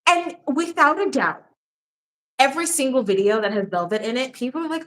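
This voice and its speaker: A woman's voice: sits high, very animated, brisk, a bit bright. A young woman hosting a casual livestream, chatting with a guest, reading viewer questions and laughing often. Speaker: livestream host.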